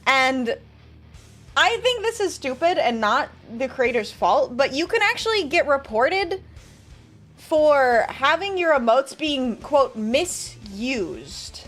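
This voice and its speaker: A woman's voice: high-pitched, sing-song, slow pace, fairly bright tone, soft background music. A woman streamer chatting casually with her viewers, sarcastic and laughing often. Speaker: VTuber streamer. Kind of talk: casual stream chat reading viewer messages.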